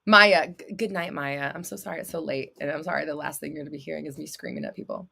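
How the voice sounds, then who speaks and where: A young woman hosting a casual livestream, reading viewer comments and coaching them in a blunt, excitable way, swearing freely and laughing often. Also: low-pitched, fast talker, vocal fry. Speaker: manifestation coach and livestream host.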